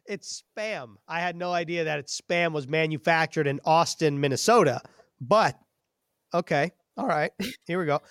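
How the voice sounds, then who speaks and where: Man, podcast host, fairly high voice, dry sound, upbeat asides. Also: fairly bright tone, clean tone, no echo. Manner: upbeat, laughs, quick asides. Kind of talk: casual podcast chat, quiz asking.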